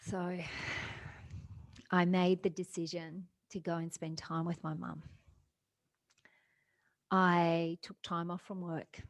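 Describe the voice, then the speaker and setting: A woman telling a personal story in an earnest, emotional way, with soft laughs between phrases. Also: fairly low pitch. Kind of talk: personal testimony.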